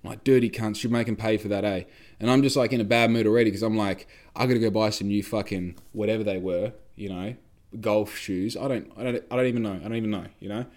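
A man's voice: fairly low pitch, steady tone, fast talker, a little mellow. Young aussie guy rambling through a story, swears a lot, does little voices for people. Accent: Australian. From Australia. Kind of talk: casual storytelling.

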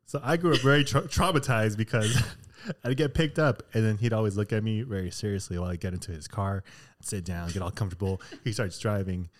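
A man in casual podcast chat, telling an animated story about his childhood. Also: fairly low pitch, brisk.

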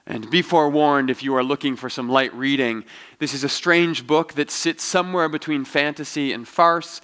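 A man, serving as pastor, giving a reflective sermon in a measured storytelling manner. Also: on the high side, fairly bright tone.

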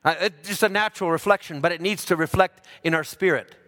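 A man preaching a sermon, dropping low for asides and rising loud for emphasis. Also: fast. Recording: hall reverb.

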